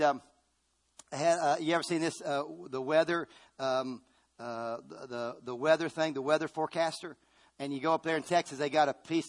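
Man pastor, high voice, middle-aged, sermon with congregation call-outs, loud emphatic peaks.

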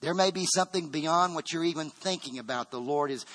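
A man's voice: a little high, a little fast, fairly bright tone. A man preaching a sermon to his congregation as pastor, fervent, often restarting and repeating words.

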